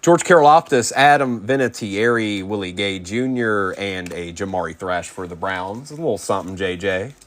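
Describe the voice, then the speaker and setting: A man hosting a live card break, rapidly calling out player names and chatting with viewers by name. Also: on the low side.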